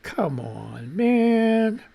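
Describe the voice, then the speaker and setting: A man hosting a radio show, reading news headlines aloud and then ranting about them with profanity. He often coughs and clears his throat, and his voice climbs higher when he gets worked up. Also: big pitch swings, extremely slow, warm tone.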